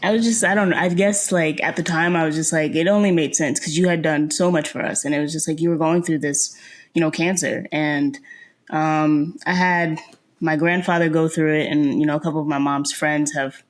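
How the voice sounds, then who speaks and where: Young woman host, low voice, soft and encouraging. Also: steady tone, brisk. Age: young adult. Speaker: podcast host. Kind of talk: casual chat.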